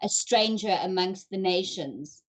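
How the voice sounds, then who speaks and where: A woman's voice: mid-range voice, measured pace. Rambling woman host asking questions. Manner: rambling, searching for words. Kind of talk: casual interview chat.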